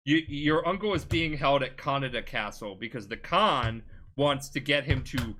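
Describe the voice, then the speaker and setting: A man's voice: mid-range voice, normal speed, sharp tone, a little hiss or hum. A tipsy man hosting a podcast, rambling through a video game story in a casual comedic retelling, swearing often and restarting words. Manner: rambling, swears a lot, restarts mid-word.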